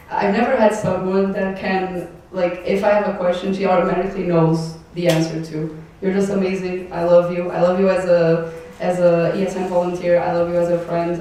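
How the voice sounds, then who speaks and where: A woman's voice: fairly low pitch, mellow. A young Portuguese woman, a native Portuguese speaker, giving an emotional, rambling farewell speech with laughs between her thanks. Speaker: outgoing board member giving a closing speech. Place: large echoey event hall. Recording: echoey hall, distant mic, faint noise.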